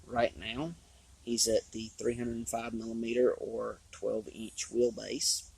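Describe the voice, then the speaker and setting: A man, chatting casually and rambling about his hobby, his voice hoarse from talking a long time. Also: medium pitch, little pitch movement, takes it slowly, a little mellow, rough recording. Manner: rambling, drawling, with restarts. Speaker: RC hobby vlogger. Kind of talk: casual trailside chat. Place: outdoors on a trail.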